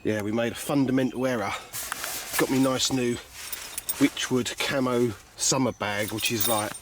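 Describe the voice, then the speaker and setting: A man with a medium-pitched, steady voice talks at a normal speed over some background noise. He's a carp angler vlogger filming himself on a handheld camcorder by a lake, chatting casually and cracking self-mocking jokes as he fishes.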